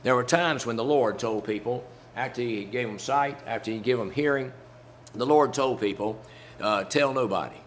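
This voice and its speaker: A man's voice: mid-range voice, moderate pace, slight background noise. Man preaching in a folksy, conversational way. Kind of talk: sermon.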